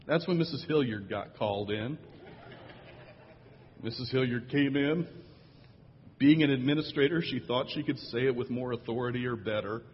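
A man's voice: medium pitch, normal speed, long pauses, slight background noise. A man who is a pastor, telling a story in a sermon with acted quotes and dry humor. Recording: dull audio with long hall reverb.

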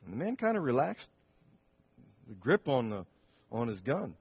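A man's voice: medium pitch, very animated, normal speed, husky. A man preaching a sermon and telling a story in a conversational way, with asides and restarts. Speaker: pastor. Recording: dull sound with long church reverb.

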